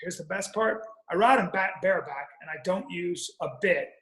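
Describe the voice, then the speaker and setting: A man's voice: high voice, normal speed, fairly bright tone, reverberant, low-quality recording. A man telling a rambling, profane comic story on a podcast, with frequent restarts. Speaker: podcast guest or co-host.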